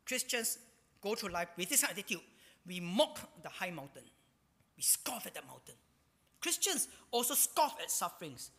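A man pastor preaching a sermon, his bright, forceful voice swinging up and down with plenty of life. He keeps tagging phrases with a drawn-out "ah". The sound has the long reverb of a church hall. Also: high voice, creaky, breathy edge. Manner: animated, ends phrases with a drawn-out "ah".

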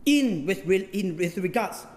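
A man's voice: high-pitched, animated, unhurried, darkish tone, in a large hall. A male pastor preaching a sermon, emphatic, repeating phrases and firing rhetorical questions.

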